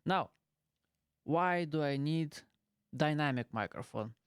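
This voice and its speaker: Man with halting non-native English. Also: on the high side, clear, resonant tone, no room sound, clean studio sound. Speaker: YouTuber. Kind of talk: casual explainer vlog. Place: small bedroom with pillows piled around. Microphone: close dynamic studio mic.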